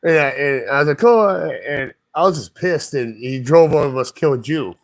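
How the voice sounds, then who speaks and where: A man in a casual chat, telling a story in a rambling, profane, animated way and acting out what other people said. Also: medium pitch, fairly quick. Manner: rambling, profane, animated retelling with quoted voices.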